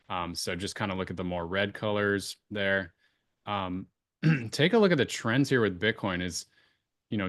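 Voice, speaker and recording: A man's voice: fairly low pitch, a bit bright, no room sound, clean studio sound. A man hosting a casual chat, talking through a chart he shares on screen, with many fillers and restarts. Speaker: crypto astrology show host.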